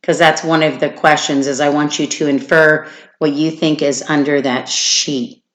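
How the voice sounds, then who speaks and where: A woman's voice: sits low, steady tone, normal speed, fairly bright tone. A woman teacher reading a children's chapter book aloud, stopping to explain reading skills to young listeners. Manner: explanatory, prompts listeners to infer.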